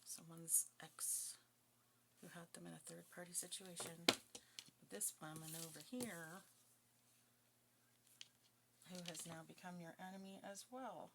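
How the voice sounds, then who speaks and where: A woman's voice: lowish voice, fairly even intonation, measured pace, gravelly, pauses often, very noisy. A woman giving a casual tarot reading, chatty and blunt, breaking into giggles and swearing now and then. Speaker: tarot reader.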